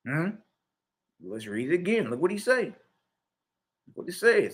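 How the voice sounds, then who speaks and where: Man, scripture study teacher, bright forceful voice, casual slang, reads aloud then explains. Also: high-pitched, very animated, normal speed, pauses often. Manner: casual slang, checks in with listeners.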